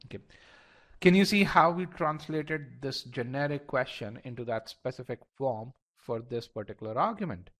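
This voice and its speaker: A man teaches a live online class at a middle pitch. He speaks directly to his students. He often repeats words and restarts his sentences as he works through a point. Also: expressive, moderate pace, fairly bright tone. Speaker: instructor. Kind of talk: live online test-prep lesson.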